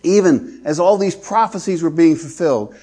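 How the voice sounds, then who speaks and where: A man preaching a sermon as pastor, earnest, slowing down to stress scripture. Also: fairly high pitch, lively intonation, dark tone, husky.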